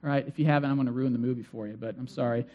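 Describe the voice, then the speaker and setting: A man preaching a sermon to his congregation, telling stories in a conversational, animated way, asking the crowd questions and repeating phrases for emphasis. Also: mid-range voice, very fast, lo-fi sound. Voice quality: conversational, animated storytelling with acted-out cries. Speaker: pastor.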